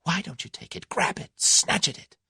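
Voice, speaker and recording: A man voicing a spirited, quick-tempered young English woman with sharp, indignant retorts. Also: mid-range voice, sing-song, no echo, clean studio sound, voice pushed up. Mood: self-reproaching.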